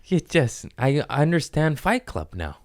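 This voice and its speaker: A man hosting a casual podcast, ranting loudly and profanely, rambling and laughing at his own jokes into a studio mic. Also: a little high, sing-song, a little slow. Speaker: podcast host.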